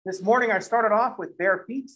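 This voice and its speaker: A man's voice: high-pitched, normal speed, a bit bright, poor audio. A man teaching a math lesson in a classroom, moving from step-by-step explanation into chatty, joking stories and acted-out dialogues. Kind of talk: classroom lecture with joking asides.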